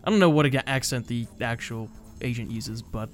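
A man's voice: mid-range voice, moderate pace, faint music behind. A man giving joking, rambling commentary while playing a video game, laughing at himself. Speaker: gaming host. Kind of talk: let's-play commentary.

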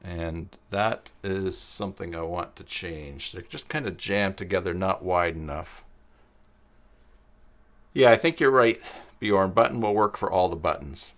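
A man with a fairly low voice hosts a live-stream tutorial, talking through each step as he works. He answers viewers in the chat as he goes. His speech is halting, with pauses and fillers between thoughts. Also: a bit bright. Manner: thinks aloud while working, replies to chat viewers. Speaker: tutorial host. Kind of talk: live-stream screen-share web design tutorial.

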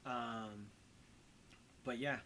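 A man's voice: medium pitch, steady tone, very slow, sharp tone, a little hiss or hum, poor audio. A young man giving casual movie commentary as host, rambling and full of "um" and "like.". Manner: rambling, heavy on fillers like "um" and "like".

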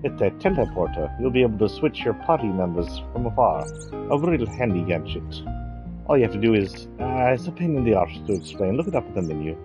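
A man's voice: fairly low pitch, big pitch swings, brisk, muffled recording, music in the background. A man voicing a brash young woman thief, cheeky and bouncy, reading game dialogue aloud. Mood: breezy.

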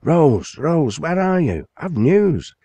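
A man voicing an excitable elderly father in an audiobook, talking loudly and fast with a raised pitch. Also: no echo. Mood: excited. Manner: excited, bursting with news.

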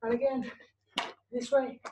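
A man's voice: very high voice, unhurried. A man coaching a home hockey training session, upbeat and encouraging as he counts out reps, out of breath from the exercise. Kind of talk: home workout instruction. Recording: steady background noise.

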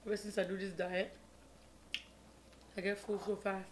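A woman's voice: medium pitch, flat delivery, normal speed, background noise. A woman from Cameroon hosting a casual mukbang storytime vlog, chatty and repeating her pleas, mumbling between bites. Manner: chatty, repeats pleading words, mumbles while eating. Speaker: vlogger.

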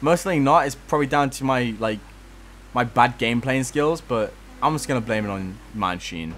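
A man's voice: medium pitch, normal speed, a bit bright, faint music behind. A young man giving casual gameplay commentary, frustrated, swearing a lot and laughing at himself.

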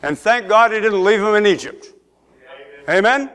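Middle-aged guy preaching in church, pretty high voice, keeps asking amen and building up loud. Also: animated, moderate pace, clean tone. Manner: preaching, calls for amens, rises to emphatic peaks. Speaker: pastor. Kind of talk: sermon. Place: church sanctuary.

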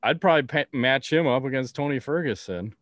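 A man's voice: medium pitch, brisk, fairly bright tone, dry recording, clean studio sound. A man hosting a podcast in casual chat, blunt and rambling, swearing freely. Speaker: podcast host.

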